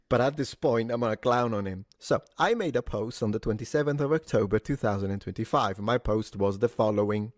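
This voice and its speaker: A man's voice: on the low side, no room sound, clean studio sound. A man giving casual commentary in a mocking, lecturing way.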